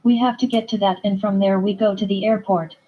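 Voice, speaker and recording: A woman's voice: mid-range voice, steady tone, fairly quick, muffled recording, lightly acted. A woman reading the lines of a brusque, protective male leader who gives curt orders. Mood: commanding. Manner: curt, commanding, profane.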